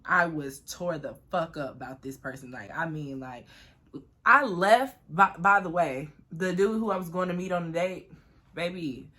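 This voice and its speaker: Young female vlogger with a low voice; chatty, profane story told straight to camera. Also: moderate pace. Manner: profane, animated, chatty, addresses viewers as y'all.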